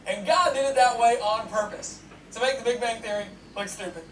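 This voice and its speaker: A man giving a humorous lecture to an audience, animated and joking, often asking the crowd questions. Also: extremely high pitch, brisk. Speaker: seminar speaker. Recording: echoey hall, distant mic, noisy.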